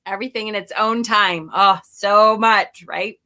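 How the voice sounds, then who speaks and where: This woman's mid-range voice is bright and pushed, with fairly even intonation and an unhurried pace. A spiritual vlogger, she chats openly with her audience, wandering off track, cursing, laughing at her own expense, and reading viewer comments out loud.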